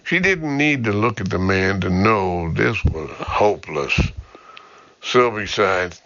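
Male audiobook narrator, low and slow, crisp bright tone; dry, muffled recording. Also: expressive, no echo. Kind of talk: scripted narration.

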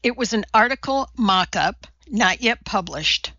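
Slow, bright-toned woman narrating a novel. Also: mid-range voice, lively intonation, no room sound, highs cut off. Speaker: audiobook narrator.

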